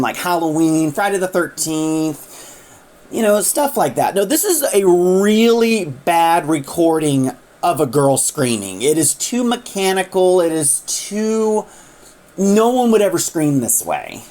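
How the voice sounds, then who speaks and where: A woman's voice: lowish voice, a little mellow. A woman retelling an audio drama in a casual, unscripted way, rambling and full of fillers. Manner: rambling, many fillers and restarts.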